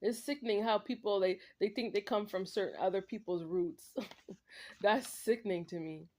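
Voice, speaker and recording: A woman's voice: mid-range voice, moderate pace, darkish tone. A woman vlogger in a confrontational, repetitive rant, talking straight at an absent man. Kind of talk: ranting monologue to camera.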